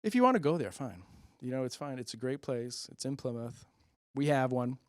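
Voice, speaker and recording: A middle-aged man hosts a stand-up comedy monologue, rambling and self-deprecating. His pitch swings widely as he mutters asides. The sound is dry and close. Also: lively intonation, fairly quick, dry recording. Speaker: comedian host.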